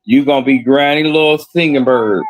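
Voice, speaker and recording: A man hosting a casual chat, telling lively, teasing stories. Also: mid-range voice, normal speed. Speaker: host.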